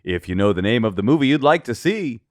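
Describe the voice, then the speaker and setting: A man putting on the voice of a movie-phone line announcer, reading out a phone menu in a slow, drawn-out way. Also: mid-range voice, big pitch swings, dry recording, close to an everyday voice. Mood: announcing.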